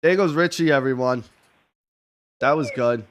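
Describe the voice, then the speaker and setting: Man, show host, casual call-in chat, blunt and profane, smooth clear voice. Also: medium pitch, a little slow. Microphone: headset or desk mic with headphones.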